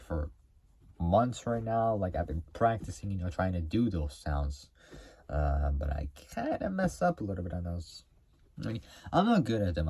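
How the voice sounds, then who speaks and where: Guy with a lowish husky voice, rambly casual car talk, keeps restarting sentences. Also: a little mellow, no room sound. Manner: rambling, many fillers and restarts. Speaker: car video host.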